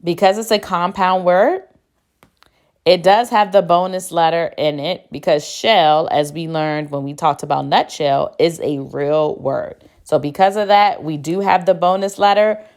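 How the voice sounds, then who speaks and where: A woman teacher giving a phonics spelling lesson, speaking slowly and deliberately and spelling words out letter by letter. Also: on the low side, a little mellow. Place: classroom.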